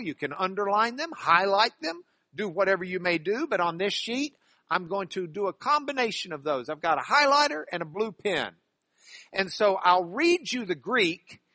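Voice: mid-range voice, sharp tone, no room sound, clean studio sound. A Bible study teacher giving a class lesson, talking with the class and pressing hard on key words, repeating phrases for emphasis. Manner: conversational with the class, checks they follow along. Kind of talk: Bible class lesson explaining Greek word order.

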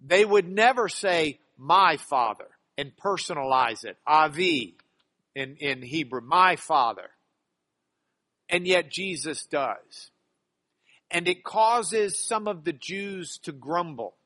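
A man's voice: on the high side, animated, slow pace, sharp tone. A man preaching a sermon, rambling and often repeating and restarting his words.

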